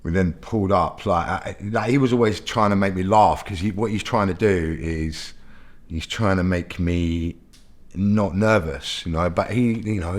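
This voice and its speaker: A British man casually telling his own story in an interview, chatty, full of fillers, and often checking in with the listener. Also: sits low. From Britain.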